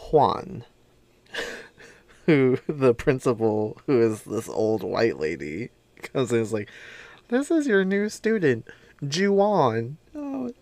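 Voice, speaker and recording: A man's voice: mid-range voice, mellow, dry recording. A man casually recapping a movie he loves, gushing and chatty, with lots of fillers.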